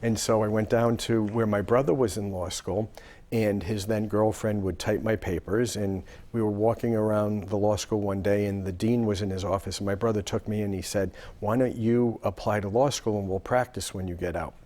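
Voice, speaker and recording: A man in his sixties from Rhode Island, a lawyer telling long, relaxed stories with fillers in an interview. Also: on the low side, normal speed. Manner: relaxed anecdotal talk with fillers. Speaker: lawyer and guest. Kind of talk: storytelling interview answers.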